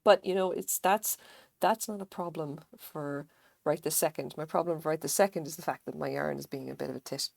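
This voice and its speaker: Low raspy-ish woman crocheting on stream, casual swearing, mumbles her pattern notes, dry sound. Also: fairly quick, hardly any pauses, a little mellow, no room sound. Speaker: crochet livestreamer. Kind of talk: casual live-stream chat while crocheting.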